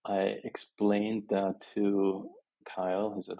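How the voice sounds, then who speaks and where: A man's voice: lowish voice, steady tone, unhurried, gravelly, mellow, no room sound, lo-fi sound. A middle-aged man with an Austrian German accent, telling stories as a composer guest in an interview, with many restarts and fillers. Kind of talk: conversational interview.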